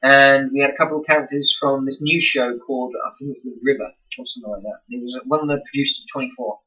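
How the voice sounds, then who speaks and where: A man's voice: medium pitch, fairly even intonation, fast talker, distant mic, highs cut off. A young man in a casual vlog, ranting with heavy swearing and exasperation. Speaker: vlogger.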